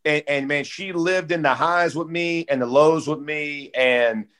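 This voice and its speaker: A man in his forties telling stories with a slightly higher voice than most men. He is laid-back and heartfelt, and keeps dropping "bro" and "dude". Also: unhurried, a bit bright, smooth. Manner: heartfelt, close to tears. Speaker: guest, former football player. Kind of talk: casual podcast storytelling.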